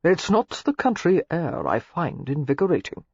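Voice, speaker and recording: A woman's voice: deep voice, very animated, moderate pace, darkish tone, slightly rough, no echo, exaggerated voice. A woman voicing an ardent young English lord who makes earnest, flowery declarations. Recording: slightly muffled lo-fi recording.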